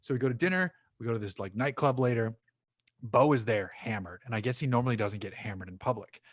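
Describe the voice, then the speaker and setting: A man's voice: medium pitch, fast talker, dry recording, clean studio sound. A man on a podcast as a guest, telling long casual anecdotes with plenty of swearing and laughter. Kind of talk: casual storytelling chat.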